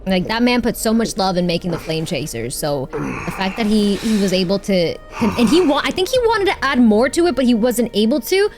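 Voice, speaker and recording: A woman's voice: medium pitch, very animated, a little fast, darkish tone, faint music behind. A woman streaming a game, reacting casually and emotionally, gushing and swearing freely as she talks to her chat.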